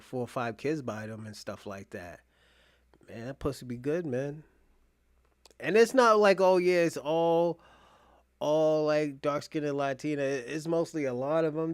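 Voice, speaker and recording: A man chiming in as co-host with rowdy, crude stories, often breaking into laughter. His voice sits a little high for a man, and the sound is dry and close. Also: no echo. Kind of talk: casual chat.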